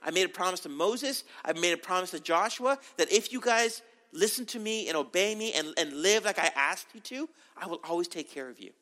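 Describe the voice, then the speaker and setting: A male pastor preaching a sermon, animated, acting out quotes and often asking "right?". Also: sits high, a little fast, hardly any pauses. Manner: animated, acts out quotes, tag questions.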